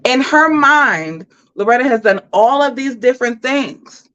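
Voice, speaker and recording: A woman hosting a livestream, giving animated, emphatic commentary and talking straight to her chat. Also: fairly high pitch, a little slow, highs cut off. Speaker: host.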